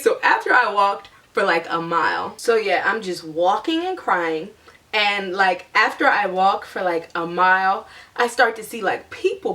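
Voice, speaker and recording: A woman's voice: medium pitch, moderate pace, distant mic. Chatty young woman telling a story. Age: young adult. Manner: chatty, animated, acts out her own past lines. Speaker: vlogger. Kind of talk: storytime vlog.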